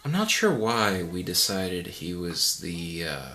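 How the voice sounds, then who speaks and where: A man's voice: low-pitched, sing-song, takes it slowly, few pauses, bright, forceful tone. A man giving a mock audio commentary in a pompous, condescending, rambling way. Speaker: commentary host.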